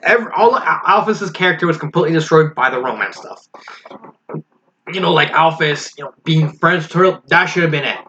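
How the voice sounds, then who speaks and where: A man gives a frank, critical spoken review of a fan story, casually thinking aloud as he goes. His voice is on the high side, a little fast, with a sharp tone. The lo-fi recording sounds slightly dull and carries a faint hiss.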